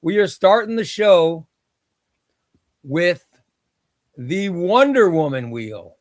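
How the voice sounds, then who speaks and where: A man with a high, very animated voice hosts a laid-back comic book livestream, speaking at a slow pace with no echo. He chats with his viewers, announcing each name eliminated from the giveaway wheel with an exclamation.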